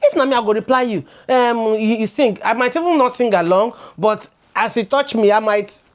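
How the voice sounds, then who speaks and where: A woman in her thirties with a Nigerian accent co-hosts a casual chat, sharing her views animatedly in a fairly high voice at normal speed. She slips into Pidgin and repeats words as she goes.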